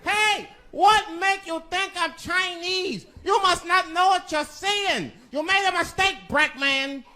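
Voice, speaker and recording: A man playing a gruff, impatient male shopkeeper who shouts in a high clipped voice. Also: slow pace, full character voice. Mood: angry. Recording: stand-up stage with crowd laughter.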